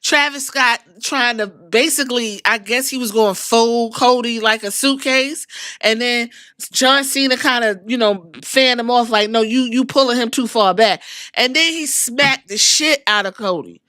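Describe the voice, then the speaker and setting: A woman hosting a podcast, retelling a wrestling show in an animated, profane, casual way. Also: fairly high pitch, a little slow, no room sound, studio quality. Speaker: podcast host.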